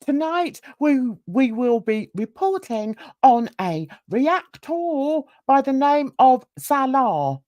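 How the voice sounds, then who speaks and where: A woman putting on a mock-formal female newsreader voice, speaking slowly and deliberately. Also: sits high, big pitch swings, a little mellow, dry recording, pitched above the performer's own voice, heavily acted. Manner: slow, deliberate newsreader delivery.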